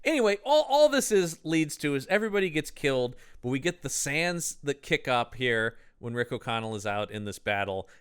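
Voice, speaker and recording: A man co-hosting a podcast who chats casually about a film in an animated, rambling, enthusiastic way. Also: medium pitch, moderate pace, few pauses, clear, resonant tone. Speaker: podcast co-host. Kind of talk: casual film-discussion chat.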